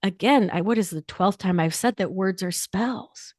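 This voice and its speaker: A woman speaking as a podcast guest in an animated, emphatic way, using casual slang. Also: medium pitch, moderate pace, no echo, clean studio sound. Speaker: guest, nurse practitioner and author. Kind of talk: podcast interview talk.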